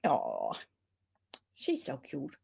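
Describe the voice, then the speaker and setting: A woman hosting a casual chat, chatty and quick to laugh. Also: rumbling low, huge pitch swings, creaky, a little mellow, slightly rough. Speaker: host.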